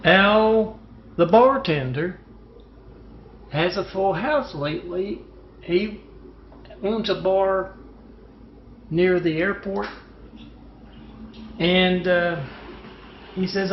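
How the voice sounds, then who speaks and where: A man's voice: sits high, drawn-out words, long pauses, dull audio, a little hiss or hum. A man telling a meandering, conspiratorial monologue as a vlogger, with many fillers and restarts. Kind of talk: rambling monologue.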